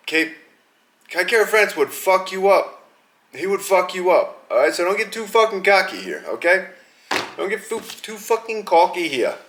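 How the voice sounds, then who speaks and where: A man hosts a podcast and delivers a heated, profane rant. His voice is sharp and bright, and he stays mocking and fired up throughout. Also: sits high. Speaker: podcast host. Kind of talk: angry rant.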